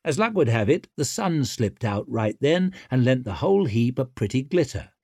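Expressive male audiobook narrator. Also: mid-range voice, normal speed, gravelly, few pauses, dry recording, studio quality.

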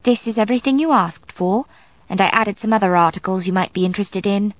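A woman voicing a brisk, hard-edged female vampire friend who talks in a matter-of-fact way. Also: medium pitch, no echo, pitched above the performer's own voice, natural voice.

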